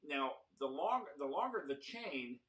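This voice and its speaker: A man's voice: fairly high pitch, big pitch swings, measured pace, fairly bright tone, low-quality recording. A man co-hosting a podcast, chatting casually and explaining things at length with lots of fillers and restarts. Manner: rambling, enthusiastic explainer with fillers. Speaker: podcast co-host.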